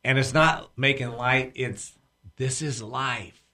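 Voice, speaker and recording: A man co-hosting a Christian radio show, retelling Bible stories in an animated way and acting out the quotes. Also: medium pitch, takes it slowly. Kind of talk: Bible storytelling in radio talk. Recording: echoey room.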